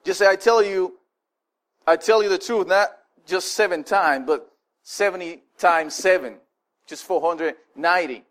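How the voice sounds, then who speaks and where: A male preacher teaching on forgiveness in a relaxed, conversational way, often restarting phrases and asking the listeners questions. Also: sits high, measured pace. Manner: informal, repeats and restarts, asks the listeners questions. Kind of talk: casual conversational sermon.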